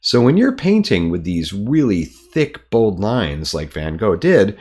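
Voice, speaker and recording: An American man, an artist and art teacher, talking casually to camera in his studio, relaxed and chatty with frequent ums. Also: on the low side, a little slow, hardly any pauses, husky. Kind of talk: casual explanatory talk to camera.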